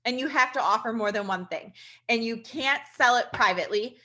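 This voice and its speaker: A woman's voice: on the high side, fairly quick, pushed and bright. A woman in her thirties, a registered nurse, telling her personal story in an earnest, chatty way, addressing listeners as "you guys". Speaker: registered nurse sharing a testimonial. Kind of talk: casual personal testimonial to an audience.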